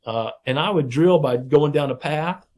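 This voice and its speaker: Middle-aged man, folksy interview guest, animated storyteller who acts out the people he quotes. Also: on the high side, normal speed. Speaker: podcast guest, wildlife researcher.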